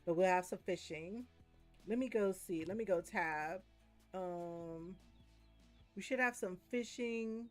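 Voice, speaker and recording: A woman streaming a game while chatting casually, telling animated stories and breaking often into big laughs. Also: on the low side, slow pace, soft background music. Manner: animated storytelling. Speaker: gaming streamer. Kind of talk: casual chat while gaming.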